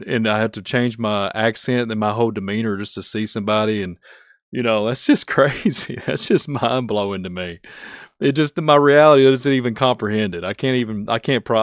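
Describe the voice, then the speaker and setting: A man's voice: medium pitch, clean tone, no echo, studio quality. A man from Kentucky with a Kentucky accent, hosting his channel with casual, rambling, self-mocking commentary. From Kentucky, USA. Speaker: channel host.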